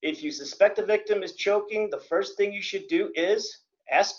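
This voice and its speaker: A man's voice: a little high, animated, a little fast, hardly any pauses. A man lecturing as a CPR instructor, plain-spoken with dry joking asides. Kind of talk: classroom lecture. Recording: dull lo-fi recording.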